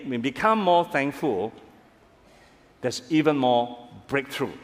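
A man preaching a sermon as pastor, animated and calling on the congregation to respond. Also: a little high. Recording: reverberant hall.

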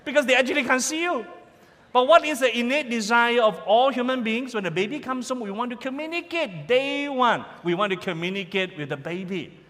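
Man, preacher, sermon, high voice, lively swooping pitch. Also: brisk. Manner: animated, playful, imitates sounds for the crowd. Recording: long hall reverb.

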